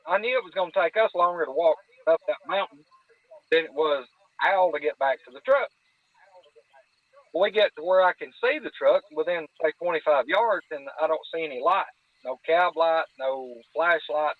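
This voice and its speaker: A man's voice: on the high side, dry recording. Man telling a story over a tinny phone line. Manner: folksy, recounts dialogue with repeated "I said". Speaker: podcast guest telling hunting stories. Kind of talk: casual storytelling.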